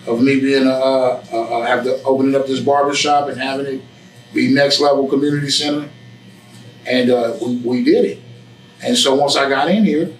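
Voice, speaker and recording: A man telling his story in a casual interview, with preachy, animated storytelling and street slang. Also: mid-range voice, roomy sound, recorded from a distance, slight background noise, poor audio. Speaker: guest, barbershop owner. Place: barbershop.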